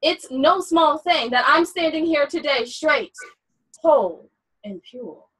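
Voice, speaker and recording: A woman author co-hosting a casual book chat, who also reads her own poem slowly and deliberately. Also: sits high, bright, forceful tone, poor audio. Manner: slow, deliberate poetry reading. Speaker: author and co-host. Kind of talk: casual chat and poetry reading.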